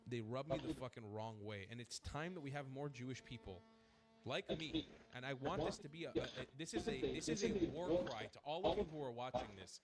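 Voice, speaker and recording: Fast-talking angry man ranting. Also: mid-range voice, animated. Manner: angry, profane, pleading. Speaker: online commentator. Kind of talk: heated political rant to camera.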